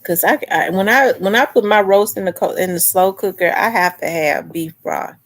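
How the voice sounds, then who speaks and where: A woman's voice: mid-range voice, moderate pace. Chatty woman rambling to her viewers. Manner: chatty, restarts and talks back to chat comments. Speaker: livestream host. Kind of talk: casual chat with live viewers.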